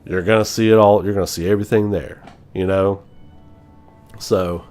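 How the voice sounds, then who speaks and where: A man chatting on his own gaming channel in a relaxed, opinionated way. His voice sits a little low, and he leans on profanity and laughter. Faint music plays underneath. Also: moderate pace. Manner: animated, profane, laughing often. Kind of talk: casual live-stream chat.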